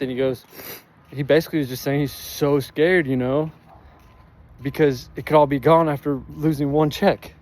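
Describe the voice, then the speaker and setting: A man's voice: on the high side, fairly even intonation, normal speed, a little mellow, a little hiss or hum. A man talking candidly outdoors, heartfelt and emotional, swearing freely with lots of fillers. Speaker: vlogger sharing his recovery. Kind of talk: emotional personal vlog. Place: outdoors in sun and breeze.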